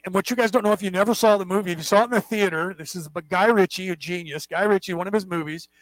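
Guy with a high voice giving a rambly class, keeps asking "right?", dry close sound. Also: no room sound, low-quality recording. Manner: digressive, keeps checking in with "right?" and "okay?"; restarts and repeats words often. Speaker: class host. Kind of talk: rambling spoken lecture.

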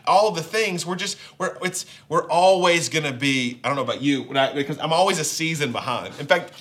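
Southern guy preaching, bright forceful voice, chatty and jokey. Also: on the high side, a little fast. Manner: conversational and joking, with playful asides. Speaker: pastor. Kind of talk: sermon.

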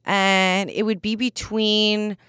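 A woman's voice: medium pitch, level tone, takes it slowly, fairly bright tone, smooth, dry recording, clean studio sound. A woman in her twenties hosting a casual solo podcast, talking candidly and bluntly with lots of "like" fillers. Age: 20s. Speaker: podcast host.

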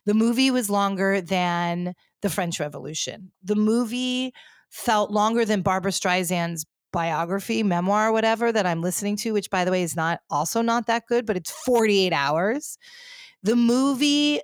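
A woman's voice: medium pitch, normal speed, no room sound, clean studio sound. A woman hosting a podcast, ranting animatedly in casual chat with lots of filler words. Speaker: podcast host.

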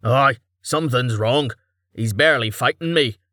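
A man's voice: mid-range voice, moderate pace, sharp tone, no room sound, clean studio sound, natural voice. A man doing a boisterous burly brawler. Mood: playful. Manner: boisterous, says "aye". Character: jovial burly man, goat handler.

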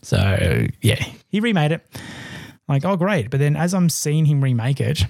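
A man's voice: a little high, a little slow, gravelly, no echo. A young Australian man co-hosting a podcast, telling a story in casual chat and acting out what people said. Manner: animated storyteller, acts out quotes, laughs. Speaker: podcast co-host.

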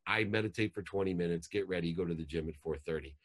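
A man's voice: low-pitched, quick pace. A man in his forties, a life coach telling a motivational story in an intense, emphatic way.

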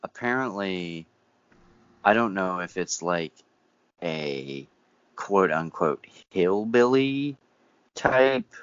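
A man with a very low voice co-hosting a podcast, rambling through his points with plenty of fillers and a dry sense of humor. The sound is close and dry, with no room echo. The recording is dull and lo-fi. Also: lively intonation, slow, pauses often. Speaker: podcast co-host. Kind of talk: casual chat.

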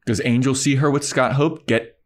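A man's voice: mid-range voice, fairly even intonation, normal speed. A man co-hosting a casual podcast, talking in a joking, sarcastic way. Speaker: podcast co-host. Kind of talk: casual rewatch podcast chat.

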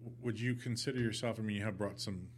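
A man's voice: lowish voice, steady tone, a little hiss or hum. Joking male podcast host. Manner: jokey, quick with puns. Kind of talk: casual interview chat.

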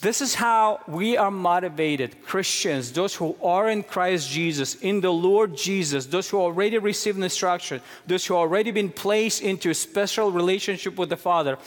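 A man preaching a sermon in earnest, moving between hushed low stretches and raised, emphatic questions. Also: moderate pace, hardly any pauses. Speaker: pastor. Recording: long hall reverb.

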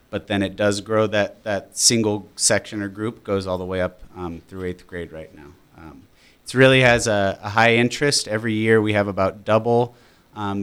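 Male teacher guest, low voice, smooth and clear, explaining, lots of um and uh. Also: fairly bright tone. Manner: explanatory, many fillers and restarts. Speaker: school language coordinator. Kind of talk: radio interview guest.

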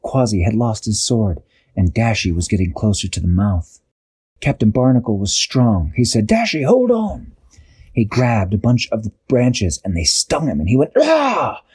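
Man spinning an improvised bedtime story, breathy husky tone, dry close sound, lively delivery. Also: on the low side, normal speed, no room sound. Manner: animated, acts out characters with occasional restarts.

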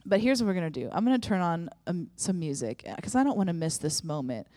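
A woman's voice: fairly low pitch, very animated, quick pace, mellow, no echo, clean studio sound. A woman preaching a sermon and leading prayer in an earnest, conversational way, with frequent restarts. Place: church room with audience.

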